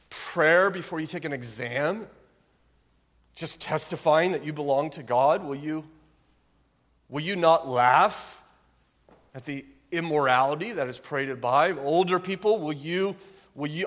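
A man's voice: fairly high pitch, a bit bright, long reverb tail. A man preaching a sermon as pastor, with an earnest, emphatic delivery and frequent rhetorical questions.

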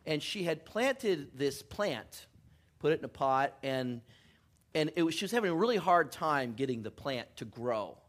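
A man's voice: fairly high pitch, animated, moderate pace. Middle-aged guy pastor, chatty and jokey, laughs a lot, talks in church. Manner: chatty, self-deprecating, laughs often. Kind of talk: casual sermon with jokes. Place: church sanctuary.

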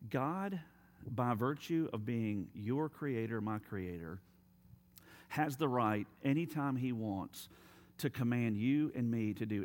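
A man preaching a sermon as a pastor, building from a low steady delivery to loud, impassioned emphasis. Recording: long hall reverb.

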